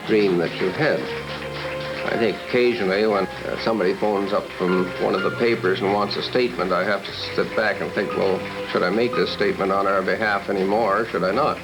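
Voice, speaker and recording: A man's voice: low-pitched, rough recording. A man who ran his own company for decades speaks reflectively in a television documentary interview. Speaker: interviewee, retired company chairman. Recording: music playing behind.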